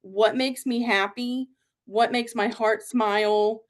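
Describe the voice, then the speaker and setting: A woman's voice: on the high side, fairly even intonation, slow. A young adult woman hosting a podcast, chatting casually in a rambling way with lots of fillers and giggles. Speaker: podcast host. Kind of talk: casual chat.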